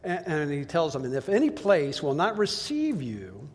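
A man's voice: a little high, huge pitch swings, normal speed, slightly rough. A man preaching a sermon in a conversational way, acting out the voices he quotes. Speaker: pastor. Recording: long hall reverb.

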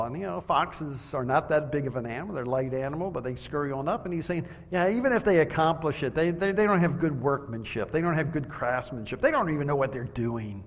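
A man preaching a sermon, measured and earnest, asking his listeners rhetorical questions. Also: fairly high pitch, expressive. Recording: long hall reverb.

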